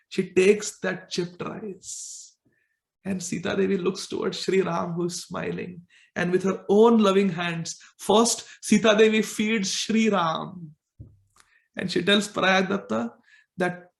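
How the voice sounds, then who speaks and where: A man's voice: sits high, fairly even intonation, a little slow, creaky. A man telling a devotional scripture story in a vivid, emotional way, with asides to his listeners. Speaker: storyteller and preacher. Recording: echoey room.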